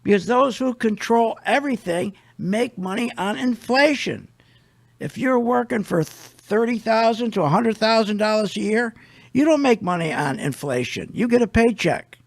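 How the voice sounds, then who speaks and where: An older male radio host with a high-pitched voice rants bluntly and indignantly. He rambles from point to point in a loose, conversational way. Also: lively intonation, normal speed, creaky. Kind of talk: ranting radio talk.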